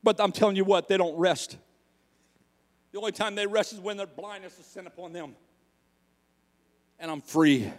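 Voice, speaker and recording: Male preacher, very high voice, long church-hall reverb, hushed storytelling that breaks into fervent shouting. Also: moderate pace, long pauses. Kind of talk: sermon.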